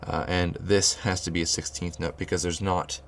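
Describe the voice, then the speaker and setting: A man with a very low, gravelly voice explains rhythm as he writes it out. He talks it through loosely, with fillers and restarts, and chants the counting syllables. A faint hiss sits under the recording. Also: level tone, moderate pace. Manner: thinking aloud with many fillers and restarts. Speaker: music teacher. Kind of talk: whiteboard rhythm lesson.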